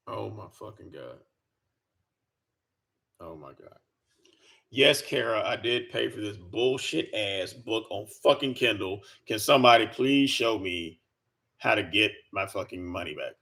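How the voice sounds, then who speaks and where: A man's voice: lowish voice, animated, measured pace, vocal fry, long pauses, bright, forceful tone. A man giving an exasperated, profane reaction rant, stammering and repeating himself as he talks. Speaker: commentary vlogger. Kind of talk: ranting reaction commentary.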